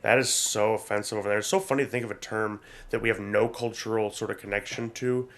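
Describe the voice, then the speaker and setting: A man's voice: lowish voice, steady tone, fast talker. A man co-hosting a podcast, rambling casually with crude jokes and lots of fillers. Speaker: podcast co-host. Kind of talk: casual chat.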